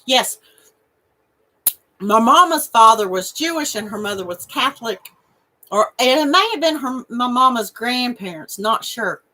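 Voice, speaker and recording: Giggly woman, lively bright voice. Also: a little high, unhurried. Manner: giggly, laughs and snorts often. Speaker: crochet channel host. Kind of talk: casual live chat reading viewer comments.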